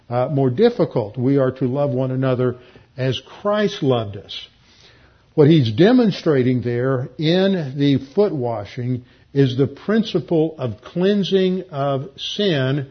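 A man pastor giving verse-by-verse Bible teaching in a measured, explanatory way, slowing down to stress key phrases. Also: a little high, husky, lo-fi sound.

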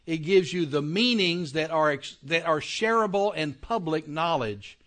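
A man with a slightly raised pitch teaching a Bible class. He talks plainly and conversationally, keeps asking whether his listeners are following, and draws out the words he wants to stress. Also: lively intonation, measured pace, fairly bright tone. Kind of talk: classroom lecture to a congregation.

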